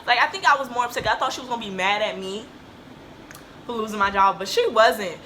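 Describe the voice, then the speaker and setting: A woman's voice: on the high side, brisk, sharp tone, a little hiss or hum. A woman in her late teens telling a casual storytime to her camera, chatty and full of fillers. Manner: chatty, with many "like"s and "um"s. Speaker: vlogger.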